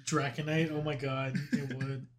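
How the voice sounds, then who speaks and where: A man's voice: medium pitch, level tone, normal speed. A young man joking around with friends during a tabletop game, teasing and throwing out suggestions. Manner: teasing, jokey, calls people bro. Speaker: fellow player. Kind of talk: casual chat.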